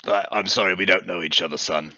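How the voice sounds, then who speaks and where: A man playing a tabletop game, talking in a halting, casual way. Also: low voice, steady tone, creaky, bright, forceful tone, dry recording, highs cut off. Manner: halting, self-interrupting. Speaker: player. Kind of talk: casual role-play talk.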